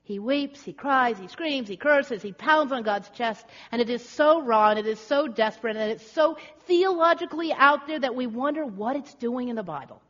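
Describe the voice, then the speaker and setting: A woman's voice: fairly high pitch, animated, normal speed, hardly any pauses, fairly bright tone. A woman preacher giving a dramatic, rhetorical sermon with building emphasis. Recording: echoey hall, slightly dull.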